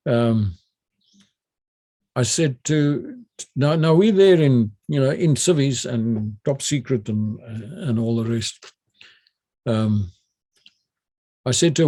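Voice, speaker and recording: A man's voice: mid-range voice, slow, pauses often. An older man with a South African accent, a retired army general telling a story animatedly, with many restarts. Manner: animated retelling, many restarts and repeated words. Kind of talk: anecdotal storytelling.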